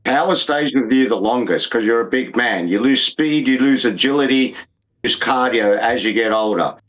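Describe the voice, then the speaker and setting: A man's voice: mid-range voice, normal speed, fairly bright tone. A man in his fifties co-hosting a fight podcast, talking in emphatic, repetitive bursts and swearing freely. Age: 50s. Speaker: podcast co-host. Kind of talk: casual sports banter. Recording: dull lo-fi sound.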